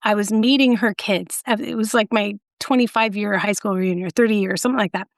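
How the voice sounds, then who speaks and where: A woman's voice: medium pitch, fairly even intonation, fast talker, vocal fry, no echo, studio quality. A middle-aged woman, a podcast guest, telling a rambling, self-deprecating story in casual conversation.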